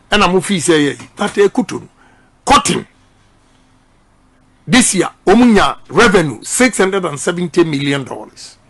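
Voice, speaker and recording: Emphatic Ghanaian man, high voice. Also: gravelly. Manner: emphatic, repeats his points. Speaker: politician. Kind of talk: campaign speech.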